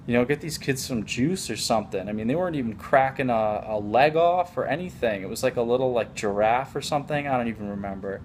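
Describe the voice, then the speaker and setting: A man's voice: mid-range voice, expressive, fast talker, few pauses, slight background noise. A young adult man telling a casual story in a rambling, mock-boastful way, full of filler words. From United States.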